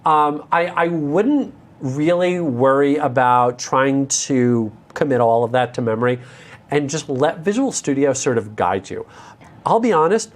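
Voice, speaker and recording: A man's voice: mid-range voice, animated, unhurried. American guy teaching coding live, joking around, real candid, voice jumps all over. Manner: candid, self-deprecating, joking asides. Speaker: instructor.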